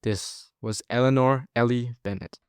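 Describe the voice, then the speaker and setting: A man narrating a story in a steady, plain way. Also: medium pitch, measured pace, clean tone, no room sound, studio quality. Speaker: student narrator. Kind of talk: amateur story reading.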